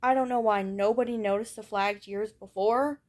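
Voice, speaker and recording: A woman's voice: medium pitch, steady tone, moderate pace. A young woman giving a candid personal monologue as a vlogger. She talks in a raw, blunt way, swears and circles back over her thoughts. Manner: ranting.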